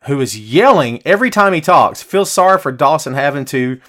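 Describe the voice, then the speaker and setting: A man's voice: fairly high pitch, animated, a little fast, fairly bright tone. A man hosting a casual podcast livestream, ranting bluntly and passionately while answering viewer comments. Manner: casual slangy talk with many repeats. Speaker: wrestling podcast host.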